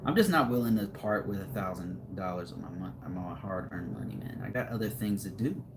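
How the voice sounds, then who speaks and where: Young man, low-pitched voice, relaxed rambling stream chat, laughs often. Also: brisk, creaky, background noise. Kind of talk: casual live-stream chat.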